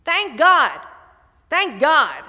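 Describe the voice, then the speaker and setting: A woman shouting as a panicked man on a runaway horse. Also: sits high, wildly swooping pitch, very slow, long reverb tail, voice pushed up, full character voice. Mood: frantic. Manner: shouting, then gasping.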